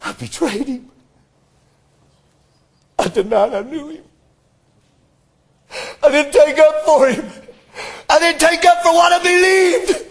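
Man doing a guilty disciple guy, high strained voice, pleading and anguished, confessing in a sermon. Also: takes it slowly, pauses often, full character voice. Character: remorseful male disciple confessing betrayal.

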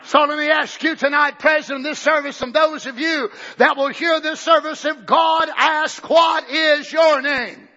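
Man, revival preacher, very high bright voice, shouting, dull lo-fi tape. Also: moderate pace. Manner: fiery, shouting, acts out quoted voices. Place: church service.

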